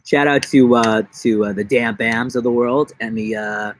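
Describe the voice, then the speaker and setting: A young man from New York rambles through a casual backyard live stream, cracking jokes and popping into goofy falsetto bits. His voice sits at an ordinary middle pitch. The sound is close and dry, with almost no room in it. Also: steady tone, moderate pace, few pauses, no echo. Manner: jokey, rambling, slips into silly high-pitched voices. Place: outdoors in a backyard.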